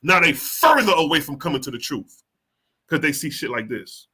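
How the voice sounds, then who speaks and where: A man's voice: fairly high pitch, sing-song, normal speed, bright, forceful tone, breathy edge. A man hosting a reaction show, preaching heatedly and firing off rhetorical questions, with heavy profanity. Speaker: host reacting to a video. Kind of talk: profane street-preaching commentary.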